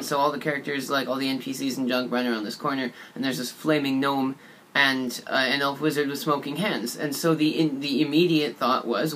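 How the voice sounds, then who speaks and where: A man's voice: medium pitch, fairly even intonation, fairly quick, fairly bright tone, a little hiss or hum. Rambling, swearing storyteller guy. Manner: rambling and profane, with many fillers. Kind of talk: casual storytelling of a tabletop game.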